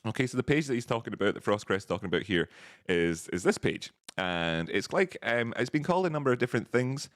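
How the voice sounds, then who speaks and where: A man's voice: mid-range voice, big pitch swings, quick pace, no echo, clean studio sound. A man hosting a live stream, chatting casually, laughing often and reading out viewers' messages. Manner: chatty, laughs often, reads chat aloud.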